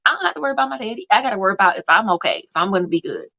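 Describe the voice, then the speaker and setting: A woman's voice: mid-range voice, sing-song, rapid-fire, gravelly, bright, forceful tone, muffled recording. A woman hosting a casual live podcast, telling a long story in a rambling way with many fillers. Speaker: podcast host.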